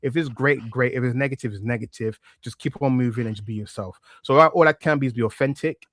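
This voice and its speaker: A wrestling media presenter in his thirties guests on a podcast, his thick East London accent carrying a reflective, relaxed casual chat loaded with fillers and restarts. He speaks at a quick pace in a mid-range voice, recorded dry at studio quality.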